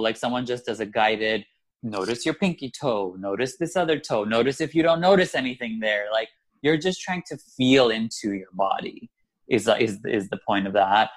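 A man co-hosting a casual podcast, talking in a reflective, chatty way and laughing at himself. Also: medium pitch. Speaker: podcast co-host.

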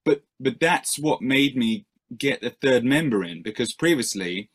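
A man's voice: medium pitch, expressive, a little slow, a bit bright. A male musician answering interview questions in a rambling, self-deprecating way, with many fillers and restarts.

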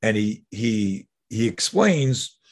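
Husky man, self-defense teacher, animated storyteller who swears freely. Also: on the low side, slow pace. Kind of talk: conversational storytelling.

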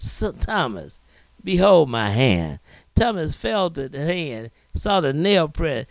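A man's voice: a little high, sing-song, takes it slowly, dry recording. A man pastor preaching a fervent sermon, repeating refrains and punctuating lines with amen and hallelujah.

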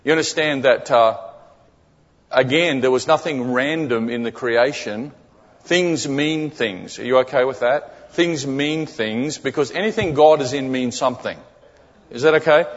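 A man's voice: mid-range voice, measured pace. A man preaching a sermon in a church as a guest speaker. He keeps it conversational, checks in with the congregation often, and repeats key phrases for emphasis. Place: church sanctuary. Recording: echoey hall, dull lo-fi sound.

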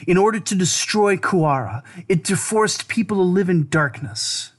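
A man narrating an ancient lament in a measured, solemn recitation. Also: high voice, expressive. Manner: measured, grave, deliberate.

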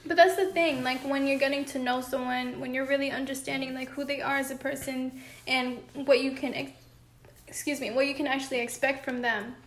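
A woman's voice: high voice, level tone, a little fast, echoey room. A woman co-hosting a podcast, chatting earnestly about relationships in long flowing sentences, at home with her cat. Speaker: podcast co-host.

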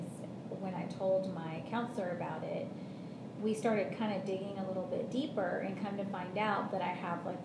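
A woman in casual conversation, speaking frankly and reflectively about how being yelled at affects her. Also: medium pitch. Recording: roomy with clear background noise.

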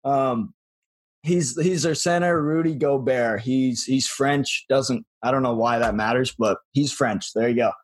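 A man's voice: mid-range voice, a little slow, husky. A young man co-hosting a casual podcast, telling a story with hesitations, restarts and frequent laughter. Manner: hesitant, self-correcting, laughs often. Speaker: podcast co-host. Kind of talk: casual chat.

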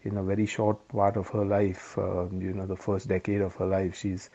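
A man's voice: low-pitched, completely flat delivery, normal speed. A middle-aged man, co-hosting a casual podcast chat over drinks, reflective and given to digressions. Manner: reflective, digressive, warmly chatty. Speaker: podcast co-host. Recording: slightly dull lo-fi audio.

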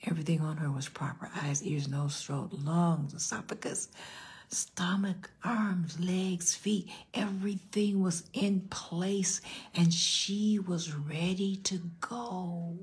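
Very husky older woman preaching. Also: fairly low pitch, slow. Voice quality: very husky, breathy. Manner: animated, voices the people in her story. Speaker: pastor. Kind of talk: storytelling sermon.

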